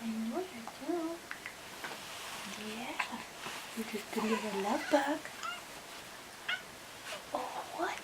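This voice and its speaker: High-voiced grandma cooing baby talk. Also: female voice, expressive, drawn-out words, long pauses. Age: older. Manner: sing-song coaxing, often drops to a whisper. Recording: home video with loud background noise.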